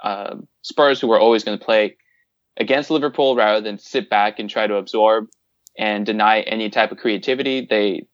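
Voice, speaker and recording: A man co-hosting a casual sports podcast, chatting and laughing easily at his own jokes. His voice sits a little low. The recording sounds dull and lo-fi, with a dry, close sound. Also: fairly even intonation, moderate pace, dry recording. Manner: laughs often, self-deprecating. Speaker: podcast co-host.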